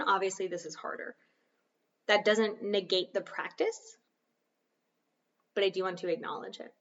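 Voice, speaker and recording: A woman hosts a solo podcast, chatty and self-deprecating as she coaches her listeners. Her voice sits at a middling pitch and seems a little off the mic. The recording sounds dull and muffled. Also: distant mic. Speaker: podcast host. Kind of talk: casual solo podcast talk.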